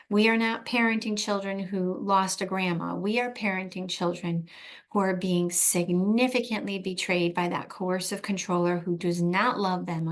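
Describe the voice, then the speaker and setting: A middle-aged woman, a therapist, giving earnest advice in a direct talk, slowing down to stress key points. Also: medium pitch.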